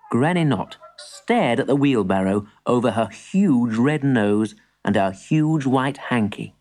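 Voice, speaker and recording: A woman reading a children's story aloud, an expressive storyteller. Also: rumbling low, measured pace, few pauses, faint music behind. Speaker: narrator.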